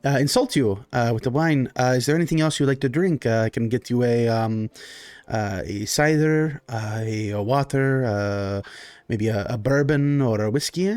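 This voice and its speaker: A man voicing a fussy aristocratic baron who speaks in halting, broken English and ends his questions with "eh?". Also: mid-range voice, darkish tone, no echo, lightly acted. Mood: fussy, hospitable. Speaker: game master. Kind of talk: tabletop role-play.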